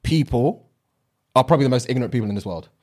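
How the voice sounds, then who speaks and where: Halting young man, lively pitch. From England. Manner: halting, slangy, many fillers. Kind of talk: casual podcast chat.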